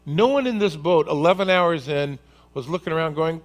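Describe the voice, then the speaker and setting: Animated male pastor preaching. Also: fairly high pitch, moderate pace. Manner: animated storyteller who acts out scenes. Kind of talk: sermon.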